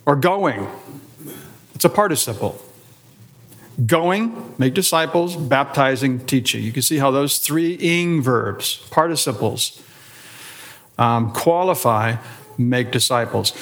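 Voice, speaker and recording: Pastor teaching a Bible class, slightly high voice. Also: male voice, a bit bright. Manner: deliberate, stressing words in short listed phrases; asks rhetorical questions and fields class questions. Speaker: pastor teaching adult Sunday school.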